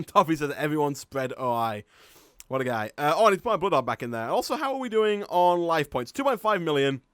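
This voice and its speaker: A man's voice: fairly high pitch, very animated, quick pace, a bit bright, no room sound, studio quality. A man with a Yorkshire accent giving chatty live-stream gameplay commentary, thinking aloud and laughing often. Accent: Yorkshire English. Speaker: gaming streamer.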